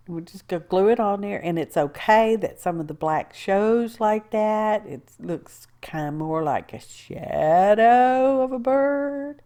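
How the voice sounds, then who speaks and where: Slow-talking woman crafter. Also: medium pitch, expressive, mellow. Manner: chatty and rambling, with self-talk and asides. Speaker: craft video host. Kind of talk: casual crafting tutorial narration.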